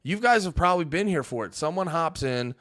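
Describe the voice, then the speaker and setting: A man's voice: a little high, animated, a little fast, a bit bright, no echo, studio quality. A young man hosting a livestream, ranting and swearing heavily as he talks back to his chat. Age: young adult. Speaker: livestream host. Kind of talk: casual stream commentary reacting to chat.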